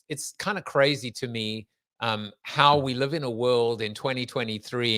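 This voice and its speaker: A man with a South African accent hosting a show, opening with an energetic, rambling, joking introduction full of fillers. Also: medium pitch, dry recording. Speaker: podcast host.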